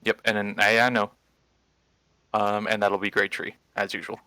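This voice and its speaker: Flat-voiced bright male gamer. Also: fairly low pitch, normal speed, dry recording. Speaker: player. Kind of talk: tabletop game play.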